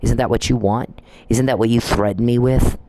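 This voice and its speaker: A man's voice: mid-range voice, steady tone, normal speed, warm tone, dry recording. A man hosting a solo podcast, delivering an emphatic, repetitive and accusatory rant. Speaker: podcast host.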